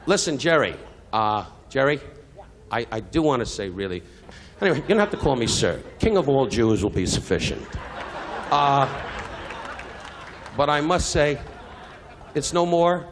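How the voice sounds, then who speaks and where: A man's voice: medium pitch, slight background noise. An older man doing a live insult comedy roast at a benefit, brash and teasing, switching to sincere asides. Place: benefit event hall.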